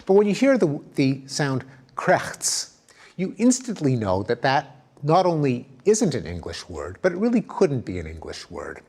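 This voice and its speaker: A man giving an academic lecture, explaining with lively emphasis and spoken examples. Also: medium pitch, moderate pace, vocal fry, slightly rough.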